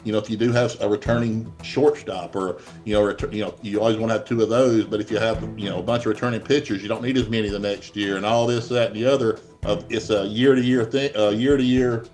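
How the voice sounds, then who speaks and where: A man's voice: lowish voice, steady tone, fairly quick, few pauses, a little mellow, faint music behind. A middle-aged man, a college baseball head coach answering interview questions in a plainspoken, rambling way. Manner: rambling, many restarts, plainspoken.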